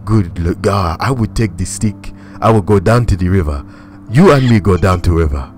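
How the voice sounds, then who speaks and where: A man putting on a mock foreign accent to play a stern man who lectures solemnly in slow, formal, over-enunciated speech. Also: low-pitched, lively intonation, a little mellow, faint music behind.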